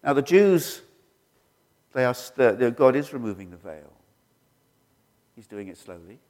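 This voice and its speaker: A middle-aged man preaching a sermon, telling stories and acting out the quoted voices with sudden leaps in pitch. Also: measured pace. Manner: animated, acts out quoted voices with jumps in pitch. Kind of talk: sermon storytelling. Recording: long hall reverb.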